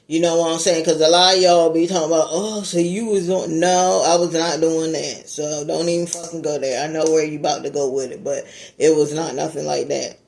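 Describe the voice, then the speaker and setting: A woman's voice: deep voice, a little fast, gravelly. Woman youtuber doing story time, chatty, cussing, talking to viewers. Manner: animated, laughing, swearing, talks straight to viewers.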